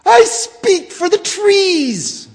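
The Lorax, shrill and bossy. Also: male voice, huge pitch swings, very slow, long reverb tail, exaggerated voice. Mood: indignant. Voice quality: sharpish, bossy, shouting. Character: short old mossy male forest creature, bossy and indignant.

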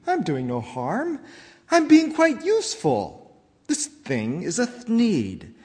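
A man reads as a brash, greedy businessman from a storybook, in a high, lively voice that swoops up and down through the rhymes. He speaks slowly, and a long reverb hangs in the hall. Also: heavily acted.

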